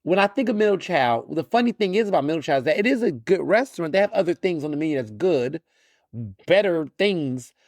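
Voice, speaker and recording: A man's voice: fairly high pitch, a little fast, dry recording. A man, hosting a podcast with opinionated, sardonic solo commentary, often restarting and repeating words. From Texas. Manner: animated, sardonic, mocking asides. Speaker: podcast host.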